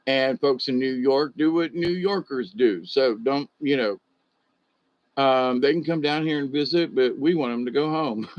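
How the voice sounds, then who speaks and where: A man's voice: mid-range voice, moderate pace, dry recording, dull audio. A man, telling folksy stories and rambling with chuckles. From Georgia, US. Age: 60s. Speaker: monologue host.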